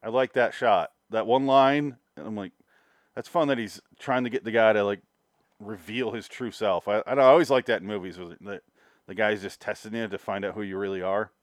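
A man's voice: on the low side, brisk, dry recording, clean studio sound. A man co-hosting a podcast, rambling casually about movie scenes with sarcastic asides and plenty of filler words. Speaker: podcast co-host. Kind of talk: casual movie-review chat.

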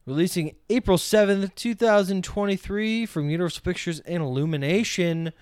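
A man's voice: sits high, moderate pace, darkish tone, clear, resonant tone, no room sound, studio quality. A man co-hosting a casual movie podcast, upbeat and leading the segments. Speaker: podcast co-host.

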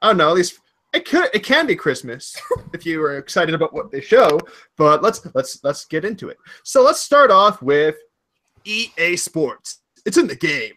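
A man hosting a casual gaming podcast with a high voice. His intonation leaps up and down as he talks. He sounds upbeat and hyped throughout. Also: sing-song, moderate pace, sharp tone. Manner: upbeat, hyped, bouncy delivery. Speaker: podcast host.

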